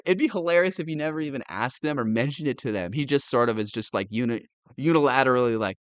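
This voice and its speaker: A man's voice: mid-range voice, fast, smooth, dry recording. Sarcastic man riffing on the news. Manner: sarcastic, laughs often, animated asides. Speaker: political commentator. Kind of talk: reading news and commenting.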